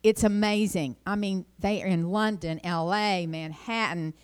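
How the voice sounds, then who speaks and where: A middle-aged woman gives a casual devotional talk in a chatty, rambling way, with a voice of ordinary pitch. She jumps high in pitch whenever she quotes herself in her stories. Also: steady tone, measured pace, smooth. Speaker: Christian speaker.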